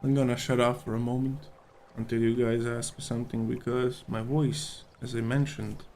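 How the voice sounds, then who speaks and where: A man's voice: medium pitch, little pitch movement, normal speed, a little mellow, slight background noise. A man with a worn-out voice, rambling and thinking aloud in casual chat while sketching on a live stream. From Serbia.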